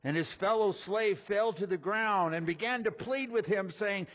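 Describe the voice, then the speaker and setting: A man preaching a sermon, reading scripture in a raised voice and dropping low and quiet to explain it. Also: moderate pace, hardly any pauses. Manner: rises loud and high when reading scripture, drops low and quiet when explaining. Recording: dull sound with long hall reverb.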